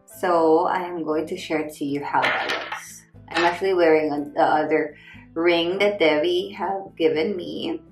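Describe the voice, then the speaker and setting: A woman unboxing gifts for her vlog, unhurried and gushing with delight, thanking the sender again and again. Her voice rings in an echoey room with faint music underneath. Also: low-pitched. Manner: gushing, excited, thanks repeatedly.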